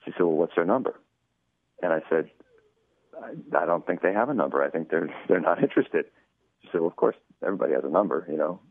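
Deep-voiced man on a tinny phone line. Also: animated, fast, vocal fry, breathy edge, dry recording. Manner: chatty storyteller, acts out quoted dialogue, many "you know"s. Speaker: producer of a radio show. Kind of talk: interview guest telling an anecdote.

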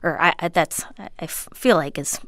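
A woman comedian and voice actor from Minnesota, chatting in an interview, self-deprecating and full of fillers, with a high, childlike voice. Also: normal speed, bright, forceful tone, dry recording, clean studio sound. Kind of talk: casual interview chat.

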